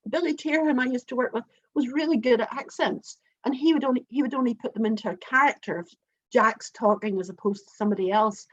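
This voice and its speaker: A woman's voice: a little high, lo-fi sound. An older woman from Northern Ireland with a Northern Irish accent, talking forthrightly as a storyteller being interviewed. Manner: emphatic, forthright. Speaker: storyteller guest. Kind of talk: conversational interview.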